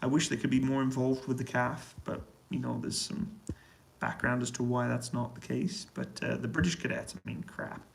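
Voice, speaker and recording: A British man in a hotel room, answering viewers' questions on a casual, relaxed live stream and keeping his voice down so he doesn't wake anyone. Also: mid-range voice, moderate pace, creaky, a little hiss or hum, low-quality recording. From United Kingdom. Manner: relaxed, quiet voice to avoid waking neighbours. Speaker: livestream host answering chat questions. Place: hotel room on an army base.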